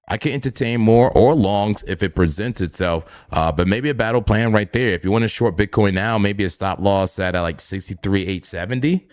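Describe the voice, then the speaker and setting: A man's voice: lowish voice, clean tone. A man casually commenting on live trading charts, laid-back, chuckling often and repeating his phrases. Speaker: crypto trading streamer.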